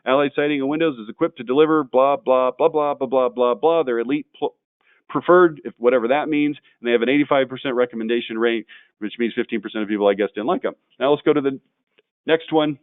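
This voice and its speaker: A man presenting a marketing webinar, blunt and quick to get worked up as he tears into examples. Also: medium pitch, no echo, phone-quality sound. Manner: blunt, gets worked up and ranting.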